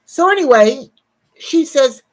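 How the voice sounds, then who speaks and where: A woman's voice: sits high, lively intonation, slow. A woman in her sixties on a casual livestream, telling a rambling, profane story and breaking off to greet viewers in the chat. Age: 60s.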